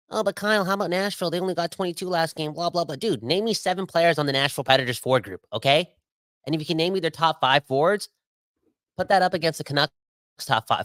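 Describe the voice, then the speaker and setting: A man co-hosting a sports podcast, animated and ranting with frequent exclamations. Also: mid-range voice, no room sound. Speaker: podcast co-host. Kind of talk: casual sports podcast chat.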